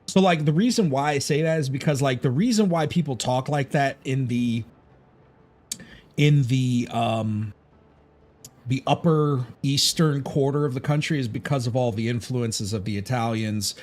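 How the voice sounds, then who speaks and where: A man's voice: mid-range voice, moderate pace, a little mellow. A man from Chicago chatting casually on a gaming livestream, rambling, opinionated and swearing freely. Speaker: gaming streamer.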